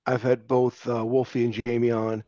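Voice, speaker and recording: A man's voice: medium pitch, level tone, moderate pace, warm tone, dry recording. A man hosting a casual interview, eager and chatty as he tells his own stories. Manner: eager and chatty, laughs along. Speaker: podcast host. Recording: dull lo-fi, dry.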